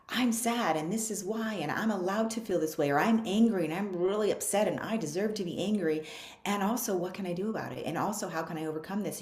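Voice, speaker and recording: A woman giving an earnest, conversational motivational talk who acts out her listeners' objections. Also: fairly low pitch. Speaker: speaker on a coaching call. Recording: echoey room.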